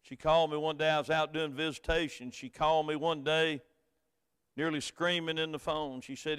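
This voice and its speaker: Southern preacher with a high, ringing voice. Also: male voice, little pitch movement, moderate pace, clean tone. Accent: Southern American. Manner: folksy storytelling, swings from quiet to loud emphatic preaching. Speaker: pastor. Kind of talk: sermon. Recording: hall reverb.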